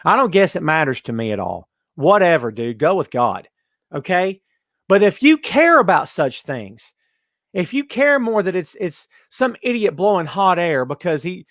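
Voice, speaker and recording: A man's voice: high-pitched, big pitch swings, moderate pace, a bit bright, no echo, clean studio sound. A man hosting a wrestling podcast, ranting emphatically and repeating himself, then answering chat questions casually. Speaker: podcast host.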